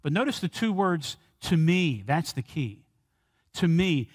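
A man preaching a sermon, earnest, slowing and lifting his voice when he quotes prayers. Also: on the high side, animated, breathy edge. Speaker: pastor. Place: church sanctuary. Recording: long church hall reverb.

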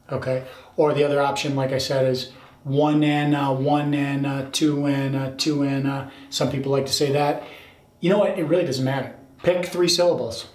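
A man's voice: fairly high pitch, reverberant. A man teaching drums, explaining a fill and counting the rhythms aloud, checking in with the listener as he goes. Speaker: drum teacher. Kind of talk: instructional explanation.

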